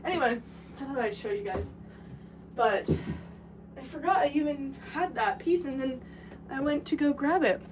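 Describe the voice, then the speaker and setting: Young woman, high-ish voice, rambling live-stream chat, laughs easily, pottery studio, distant mic. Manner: rambling, chatty, quick to laugh. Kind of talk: casual live-stream chat while working. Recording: distant mic with background noise.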